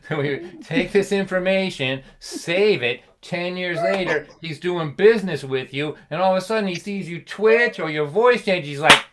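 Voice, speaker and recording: A man in his sixties with a Boston accent telling comic stories on a livestream, animated and punchy, laughing at his own lines. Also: sits high, moderate pace, hardly any pauses, noisy background. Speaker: folk singer and storyteller.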